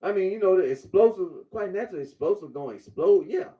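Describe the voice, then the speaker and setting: A man's voice: sits high, lively intonation, fast talker, mellow. A man giving a blunt, repetitive monologue, lecturing the listener directly. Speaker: commentator. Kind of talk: casual monologue.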